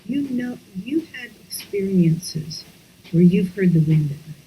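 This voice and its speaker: A woman leads an online breathing lesson in an unhurried, gentle voice that keeps slipping into whispers. Her tone is mellow and warm. A faint hiss sits under her computer-mic sound. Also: mid-range voice, lively intonation, rough recording. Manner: slow, soft-spoken, drifting into whispers. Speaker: breathwork teacher. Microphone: online class, computer mic.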